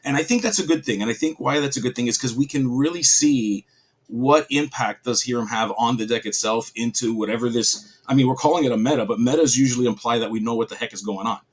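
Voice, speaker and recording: A man with a husky, slightly breathy voice chats casually as a stream caster. He tells stories in a playful, animated way. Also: mid-range voice, quick pace. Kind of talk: casual chat.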